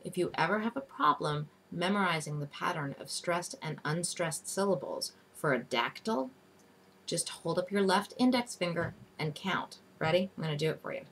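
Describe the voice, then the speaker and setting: A woman teaching a recorded lesson in a slow, deliberate, scripted way, spelling out each term. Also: fairly low pitch, animated, fairly bright tone, slight background noise. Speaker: literature teacher. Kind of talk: scripted video lecture.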